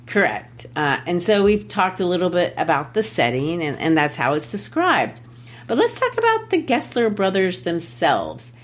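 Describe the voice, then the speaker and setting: A woman podcast host who reads a story aloud in a measured, deliberate way, pausing between phrases, then discusses it like a teacher. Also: fairly low pitch, sing-song. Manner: measured, deliberate reading with pauses.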